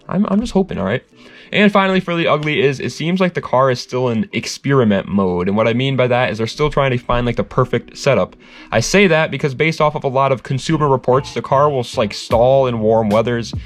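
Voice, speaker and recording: A young man hosting his own car channel, giving a casual, rambling review and often correcting himself mid-sentence. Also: mid-range voice. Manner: rambling, laid-back, self-correcting, laughs often.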